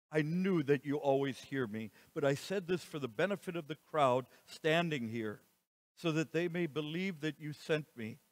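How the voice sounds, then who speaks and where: Male pastor preaching, higher-set voice, dry close sound, soft to forceful. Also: no room sound. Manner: preaching, swings between soft and loud emphatic lines. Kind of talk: sermon. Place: church.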